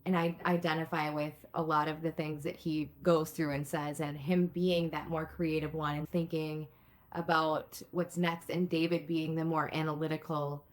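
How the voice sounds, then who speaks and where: A woman's voice: low voice, level tone, moderate pace. A woman co-hosting a podcast, chatting casually and relaying her husband's remarks. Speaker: podcast co-host. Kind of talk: casual chat recapping a TV episode.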